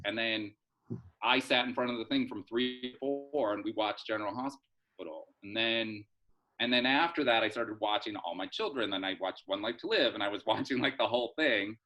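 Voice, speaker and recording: A man's voice: on the low side, moderate pace, bright, forceful tone, soft background music, poor audio. A middle-aged man, a soap opera writer, chatting through a rambling story in a casual interview, full of fillers and restarts.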